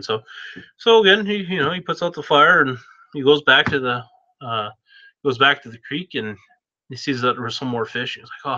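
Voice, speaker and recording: A man's voice: mid-range voice, fairly quick, bright, forceful tone, dry recording. A man telling a story in a casual, rambling way, with many restarts, on a dull lo-fi recording.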